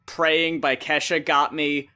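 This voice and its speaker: Animated young man, bright and swearing. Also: a little high, takes it slowly, clean tone. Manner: rambling, swears a lot, acts out scenes in voices. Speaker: podcast co-host. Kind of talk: casual chat.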